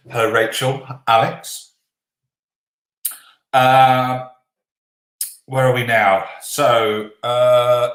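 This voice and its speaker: A man's voice: mid-range voice, fairly bright tone. A man hosting a live online pub-style quiz, reading out answers and joking with players in a casual, cheeky way. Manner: jokey, swears then apologises, reads answers slowly. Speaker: quiz host. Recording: echoey room.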